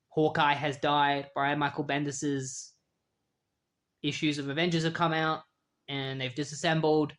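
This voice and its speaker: A man's voice: fairly high pitch, a bit bright. A man casually retelling a comic book story in a loose, chatty way, often saying "like".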